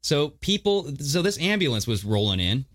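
Animated, swearing podcast host. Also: male voice, on the high side, moderate pace. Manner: animated, profane, directs the screen sharing. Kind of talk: casual chat.

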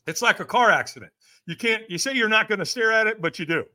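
A fast-talking middle-aged man, a personal development coach guesting on a podcast, tells an animated story in a high, bright, forceful voice. He mimics the voices of the people involved with wide pitch swings and constantly asks "right?" to carry the listener along.

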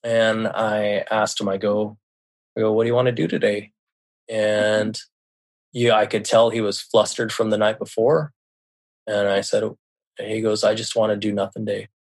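A man's voice: fairly low pitch, level tone, moderate pace. A middle-aged man from the United States, a podcast guest, candidly recounting a painful family story, often repeating himself and swearing. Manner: candid, recounting dialogue, swears freely, many restarts. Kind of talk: personal storytelling.

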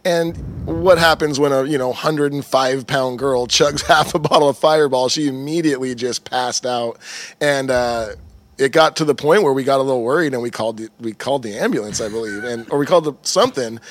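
A man in his thirties, a touring musician, tells stories in a casual, animated and profane way, laughing as he goes. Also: mid-range voice, fairly quick, a little hiss or hum. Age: 30s. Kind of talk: casual storytelling chat.

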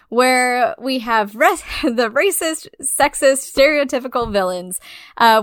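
High-voiced, sarcastic woman reviewing a film. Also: fairly bright tone, no echo, clean studio sound. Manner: blunt, sarcastic, swears often. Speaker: podcast co-host. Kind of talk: casual film review chat.

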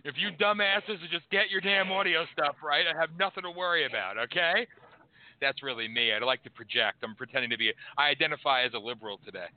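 A man's voice: on the high side, fast. A man hosting a call-in political radio show on a headset, ranting in a brash, profane, sarcastic way. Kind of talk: casual political radio chat. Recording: tinny phone-like audio.

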